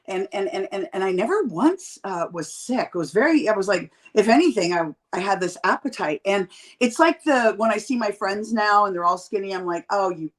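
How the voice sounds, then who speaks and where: A woman in her fifties chats with blunt, profane humor. She tells stories animatedly, jumping into quoted voices, and her voice sits in a middle pitch. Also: lively intonation, fairly quick, low-quality recording. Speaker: podcast guest. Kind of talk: candid casual chat.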